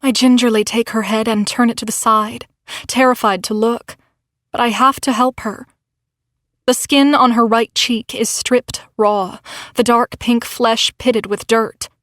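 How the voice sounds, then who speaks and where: A woman's voice: on the high side, steady tone, a little slow, a bit bright, no room sound, clean studio sound. A woman narrating a novel in the first person with dramatic, tense storytelling. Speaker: audiobook narrator.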